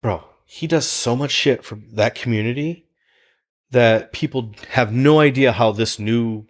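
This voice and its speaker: A man talking casually on a podcast, telling animated stories and laughing often. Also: medium pitch, unhurried. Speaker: guest, fighters' chef.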